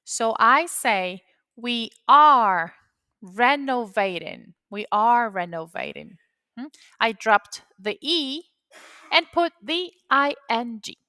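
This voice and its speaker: A woman's voice: fairly high pitch, lively intonation, slow pace, pushed and bright, clean tone, dry recording. A woman whose first language is Spanish, patiently explaining an English grammar rule step by step, repeating key points. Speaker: English teacher. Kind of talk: grammar lesson.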